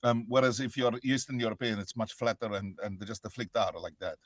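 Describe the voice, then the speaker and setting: A middle-aged man from England, a voice actor, chatting in an interview in an animated, rambling way and slipping into character voices. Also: mid-range voice, fairly quick, no echo, studio quality. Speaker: guest, voice actor. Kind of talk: casual interview chat.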